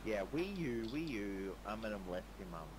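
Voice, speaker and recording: New guy, low voice, crude taunting trash talk in game chat. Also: sing-song, normal speed, noisy background. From New Zealand. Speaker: player in voice chat. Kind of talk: casual gaming chat.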